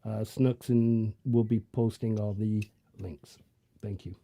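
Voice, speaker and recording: A man with a Canadian Italian accent, hosting a live stream in a joking, casual way and filling his pauses with many ums. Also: on the low side, flat delivery, vocal fry, mellow. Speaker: livestream show host.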